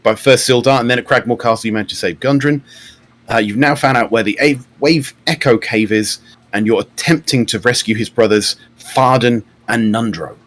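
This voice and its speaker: A man's voice: mid-range voice, moderate pace, a bit bright. A man, narrating a tabletop game as game master. He talks in a chatty way, with many fillers and restarts.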